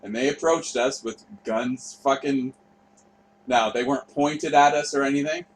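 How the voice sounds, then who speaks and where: A man's voice: mid-range voice, fairly even intonation, moderate pace, poor audio. A man, hosting a casual online tour and rambling through a profane story with mumbled asides. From Canada. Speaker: host. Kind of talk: casual chat while touring by map screen.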